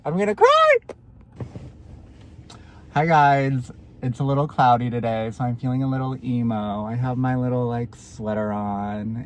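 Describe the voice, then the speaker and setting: Young man vlogger, casual and gushing, swears freely, fairly high voice, phone-camera feel. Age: 20s. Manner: gushing, chatty, swears a lot. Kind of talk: casual vlog.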